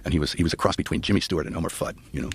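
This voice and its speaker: Man, podcast guest, casual storytelling, very fast pace, husky. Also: low-pitched. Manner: animated storyteller who acts out the people in his stories.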